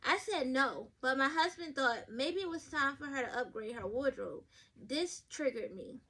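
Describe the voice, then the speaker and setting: A woman's voice: high-pitched, expressive, moderate pace, bright, forceful tone. A woman hosting a podcast, reading advice stories aloud and giving blunt, profane, chatty takes straight to her listeners, sometimes stumbling over words. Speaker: podcast host.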